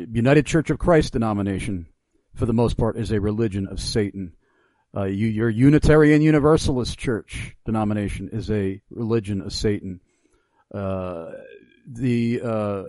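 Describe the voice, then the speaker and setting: A man's voice: lowish voice, a little mellow, dry recording. A middle-aged man hosting a radio talk show, speaking emphatically in a preacherly way with many hesitations.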